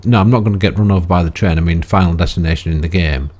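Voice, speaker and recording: A man's voice: low-pitched, very fast, darkish tone. A man giving rambling, chatty gameplay commentary, often ending remarks with tag questions. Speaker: gaming video creator.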